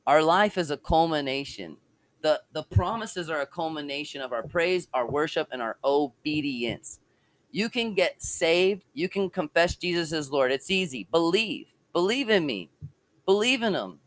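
A man's voice: a little high, expressive, moderate pace, a bit bright. A man giving an informal, passionate sermon and personal testimony from home, mixing scripture talk with casual slang. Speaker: preacher.

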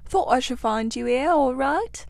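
A woman voicing a cheerful, hearty male otter who tells his tale in a lively, outspoken way. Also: sits high, measured pace, creaky, dry recording, exaggerated voice.

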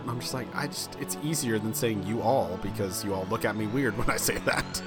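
A man from Kansas co-hosting a podcast in a relaxed, easygoing way and often laughing. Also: fairly low pitch, brisk, few pauses, music in the background. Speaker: podcast co-host. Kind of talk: casual chat.

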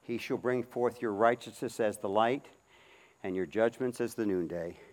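A middle-aged man preaching a sermon while working a horse, calling out commands and then speaking softly and reflectively. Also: fairly low pitch, moderate pace. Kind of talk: outdoor sermon with horse demonstration.

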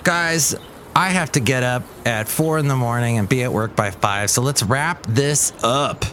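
A man's voice: medium pitch, a little slow, pushed and bright, a little hiss or hum. A man hosting his own podcast in a rambling, playful monologue. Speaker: podcast host. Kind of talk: casual comedic monologue.

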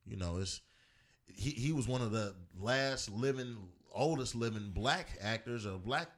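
A man's voice: mid-range voice, unhurried. A man co-hosting a podcast in casual chat, rambling through his thoughts with lots of "you know" and restarts. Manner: rambling with many fillers and restarts. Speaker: podcast co-host.

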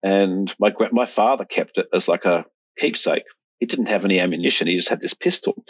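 Halting man, very deep voice. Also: fairly bright tone, husky, dry recording, dull audio. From Australia. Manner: halting, many restarts. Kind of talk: casual storytelling.

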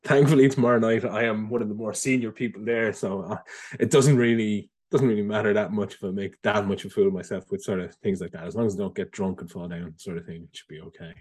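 A man's voice: fairly low pitch, fairly even intonation, fast talker, darkish tone, husky. A man co-hosting a podcast in casual chat, dry and understated. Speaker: podcast co-host.

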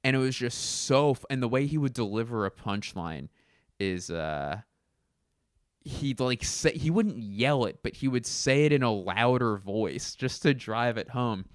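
A man in casual chat, rambling and animated, full of fillers and restarts. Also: mid-range voice, a little slow, dry recording, studio quality.

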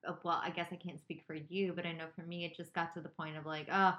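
A woman's voice: lowish voice, little pitch movement, quick pace, lo-fi sound. A woman co-hosting a podcast in casual chat, talking reflectively and rambling, with many fillers. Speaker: podcast co-host.

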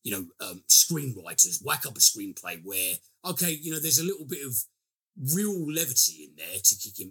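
Lively, bright-toned male film reviewer. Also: mid-range voice, slightly rough. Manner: animated, crude, self-interrupting. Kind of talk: casual podcast chat.

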